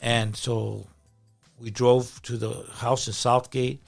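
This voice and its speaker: A pastor telling his story in a casual interview, animated and slangy as he talks. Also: medium pitch, slow, vocal fry, faint music behind. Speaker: pastor and podcast guest.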